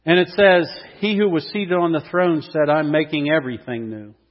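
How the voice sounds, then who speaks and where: A man's voice: fairly high pitch, normal speed. A male pastor giving an Easter sermon in an earnest way, building to emphatic peaks and reading scripture aloud. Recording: dull lo-fi sound with long hall reverb.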